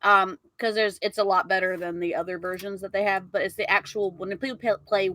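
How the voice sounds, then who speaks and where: A woman's voice: mid-range voice, fairly even intonation, a little fast, fairly bright tone. A woman co-hosting a live-streamed podcast, chatting casually while eating her food. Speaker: podcast co-host.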